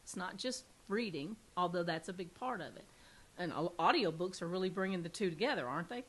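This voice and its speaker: A woman's voice: lowish voice, expressive, brisk. A woman from the American South with a Southern accent, hosting a casual interview and chatting with restarts and fillers. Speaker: podcast host and mystery author.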